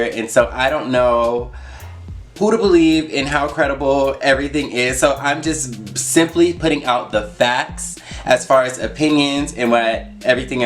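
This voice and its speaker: A man's voice: mid-range voice, a bit bright. A young man talking casually on his vlog, chatty and full of fillers and asides. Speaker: YouTuber.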